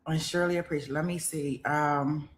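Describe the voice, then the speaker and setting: Here a middle-aged woman talks at normal speed in a low, steady voice. She runs a casual livestream covering a trial, addressing viewers directly, thanking people who donate, and rambling through many restarts and filler words.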